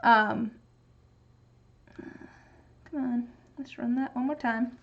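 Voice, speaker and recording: A woman from the Pacific Northwest with a light American accent there chats on a crafting stream, drifting between thoughts and often restarting her sentences. Her voice is fairly high, steady in tone, and slow-paced. The audio is somewhat dull and lo-fi.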